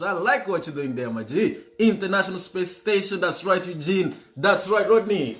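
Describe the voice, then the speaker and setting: Playful bilingual quiz host, roomy sound. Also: male voice, high-pitched, lively intonation, measured pace, bright, forceful tone. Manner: playful, bilingual, greets viewers by name. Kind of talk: livestream trivia hosting. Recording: roomy with music behind.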